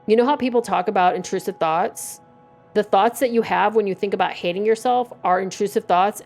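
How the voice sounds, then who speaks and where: A woman in her forties streaming a game, chatting casually with a profane, wry manner. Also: medium pitch. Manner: profane, wry, reading game text aloud. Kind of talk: casual gameplay commentary.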